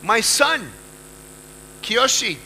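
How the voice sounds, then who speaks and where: A man's voice: very high voice, big pitch swings, drawn-out words, vocal fry, pushed and bright, a little hiss or hum, rough recording. A man giving a motivational speech to a live audience, emphatic, repeating key phrases and putting questions to the listeners. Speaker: motivational speaker.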